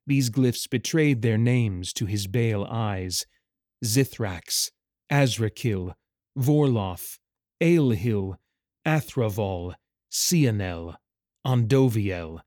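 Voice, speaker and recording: A man narrating a fantasy story in a measured, even way, recorded on a close studio mic. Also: medium pitch, no echo. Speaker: audiobook narrator.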